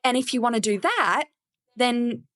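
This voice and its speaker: Chatty Australian woman host, fairly high voice. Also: lively intonation, measured pace, dry recording. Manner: chatty, laughs easily, warm praise. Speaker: podcast host. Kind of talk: casual podcast chat.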